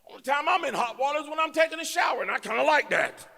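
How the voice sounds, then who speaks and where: A man speaking as a guest in a church, preaching emphatically and rising to shouts in a folksy way. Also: very high-pitched, expressive, fast, vocal fry. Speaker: guest speaker, elected official. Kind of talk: fiery preaching. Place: church sanctuary. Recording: long church reverb.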